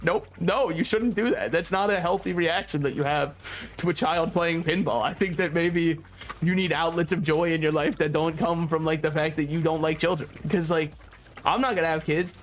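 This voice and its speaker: A man's voice: fairly high pitch, steady tone, normal speed, slight background noise. A man giving casual, rambling gameplay commentary, joking, swearing freely and laughing often. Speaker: gaming YouTuber.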